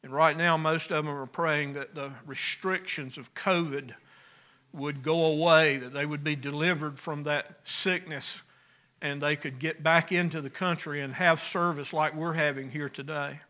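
A pastor preaching a sermon, earnest, rising loud on key phrases and dropping soft. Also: male voice, fairly high pitch, fairly even intonation, a little slow.

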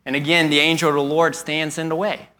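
Preacher man, sermon storyteller, slightly high and forceful. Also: little pitch movement, brisk. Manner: storytelling with repetition, earnest.

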